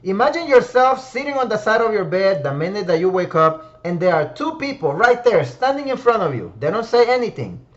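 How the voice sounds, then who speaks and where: A high-sitting male voice, captured in a muffled recording, belongs to the host of a word-of-the-week discussion room. He gives an emphatic, reflective motivational talk, addressing people by name.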